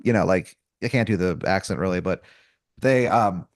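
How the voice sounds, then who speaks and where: A man's voice: low-pitched, moderate pace, no room sound, clean studio sound. Rambling man narrating an improvised game. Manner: rambling, loose, with many fillers and restarts; crude, casual slang. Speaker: game master. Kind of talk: improvised comedic storytelling.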